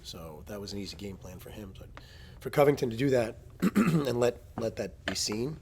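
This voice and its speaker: A man hosting a casual chat as a jiu-jitsu coach, telling stories with plenty of swearing and loud impressions of people. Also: on the low side, expressive, moderate pace, creaky, a little hiss or hum. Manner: profane, storytelling, imitates people loudly.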